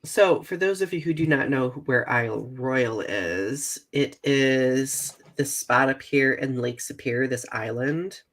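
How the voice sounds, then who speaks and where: A woman's voice: very deep voice, measured pace, few pauses. A woman co-hosting a live podcast, chatting casually and with self-deprecating humor while reading out viewer comments. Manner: chatty, self-deprecating, reads chat aloud. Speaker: podcast co-host. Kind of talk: casual live-stream chat.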